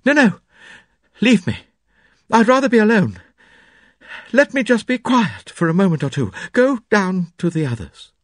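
Male reader doing a panicked young woman in a strained high falsetto, dry sound. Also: big pitch swings, a little slow, pauses often, dry recording, exaggerated voice. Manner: shrill, high, cries out. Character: frightened young woman, highly strung.

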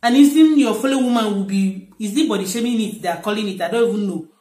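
A woman's voice: mid-range voice, fast, mellow. Angry woman ranting in an echoey room. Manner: heated, repetitive, rhetorical questions with "eh?". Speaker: vlogger. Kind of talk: angry rant to camera.

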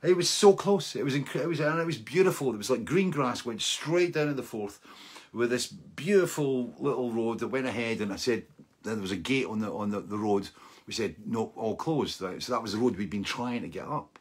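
A middle-aged man with a husky, slightly breathy voice. His pitch sits in an ordinary middle range. He hosts a live-streamed show and tells a long, wandering story, laughing often and checking in with his listeners along the way. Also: brisk. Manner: rambling and animated, laughing often and tagging lines with "right?". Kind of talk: casual anecdotal storytelling.

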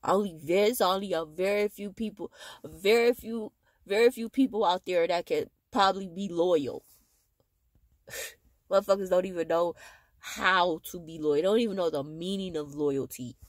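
A woman's voice: lowish voice, moderate pace, no room sound. A tired woman venting in a bitter, profane monologue with heavy sighs, talking into her phone. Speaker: vlogger.

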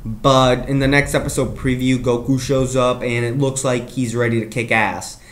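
A man giving a rambling, excitable casual review of an anime episode, laughing often and mimicking characters. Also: medium pitch, normal speed, reverberant.

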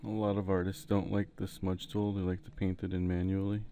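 Low gravelly man teaching painting. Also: fairly quick, slight background noise. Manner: relaxed, rambling, jokey asides. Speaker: digital painting tutor. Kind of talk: casual tutorial commentary while painting. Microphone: headset mic, breathing into it.

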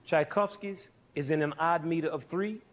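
A man's voice: a little high, moderate pace. Man teaching music with questions. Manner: asks questions and answers them; demonstrates with counting and sounds. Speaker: music educator hosting a TV series. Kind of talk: televised music lesson to young audience.

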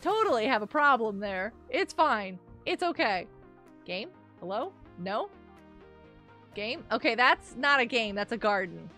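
Faint music plays as a woman streaming a game live greets her viewers, giggling and chatting. She talks a little slowly, her high, bouncy voice moving through a wide, animated range.

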